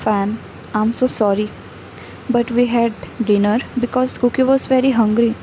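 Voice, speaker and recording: A woman reading a fan fiction chat story aloud. She speaks each speaker name and stage cue in the same even, unvaried tone. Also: a little high, normal speed, slight background noise, low-quality recording.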